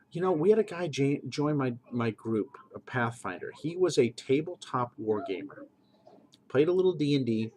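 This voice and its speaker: A man's voice: medium pitch, a little hiss or hum, poor audio. A middle-aged man and game master, talking earnestly in a preachy monologue and repeating phrases for emphasis.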